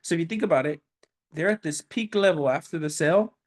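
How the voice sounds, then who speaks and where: Energetic business coach, slightly high voice. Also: male voice, fast. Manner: energetic, animated storyteller with emphatic "boom". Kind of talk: casual motivational talk to camera.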